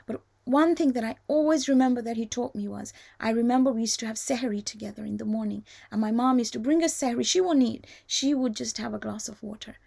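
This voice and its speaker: Woman, religious teacher, live talk, gravelly, slightly high, animated storytelling, hushed whispers. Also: brisk, few pauses.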